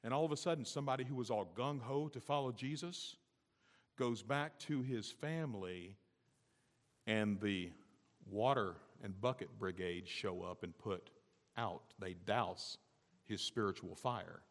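A man preaching a sermon as a pastor, talking emphatically and building to loud, high exhortation. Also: a little slow, long reverb tail. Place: church sanctuary.

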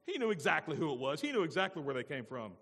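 A male pastor preaching a sermon, lively and quizzing his congregation with questions. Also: a little high, fast talker, gravelly, breathy edge. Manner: animated, asks the congregation questions. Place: church. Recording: long church reverb.

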